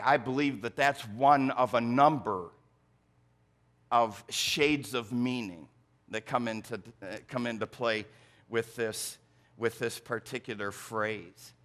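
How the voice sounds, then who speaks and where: A man with a Michigan accent preaching a deliberate, emphatic sermon as pastor in a church. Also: mid-range voice, fairly bright tone. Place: church sanctuary.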